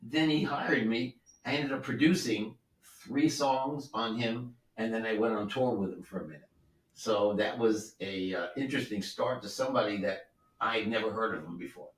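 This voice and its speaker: A man's voice: lowish voice, normal speed. A man in his seventies, a record producer, telling rambling anecdotes in an easygoing way with many asides. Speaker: record producer and guest musician. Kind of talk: relaxed anecdotal storytelling. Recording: roomy sound, distant from the mic.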